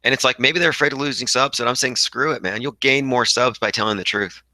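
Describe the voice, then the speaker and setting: A man's voice: mid-range voice, quick pace, pushed and bright, dry recording, low-quality recording. A young man hosting a casual livestream, reading viewer comments aloud and rambling combatively. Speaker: livestream host reading chat.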